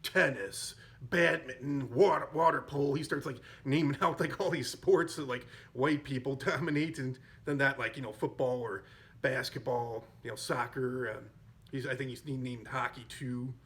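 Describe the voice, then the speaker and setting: A man's voice: medium pitch, fairly even intonation, normal speed, a bit bright. A man hosting a podcast, casually retelling a comedy film with lots of fillers and self-corrections. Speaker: podcast host. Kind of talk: casual chat retelling a movie.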